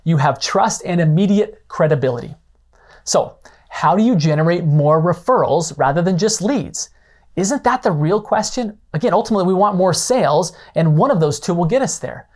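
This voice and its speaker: A man's voice: high voice, expressive, moderate pace, darkish tone. A man hosting an instructional podcast, explaining ideas in a conversational way with frequent checking-in questions. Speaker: podcast host. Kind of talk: instructional monologue.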